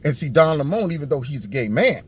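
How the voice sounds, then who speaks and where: A man delivers sarcastic commentary on a clip, talking straight to his viewers. His voice sits a little high, with a faint hiss behind it. He keeps mocking the people in the clip and sometimes drops into a low put-on voice to act out what they must be thinking. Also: big pitch swings, quick pace. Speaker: political commentary vlogger.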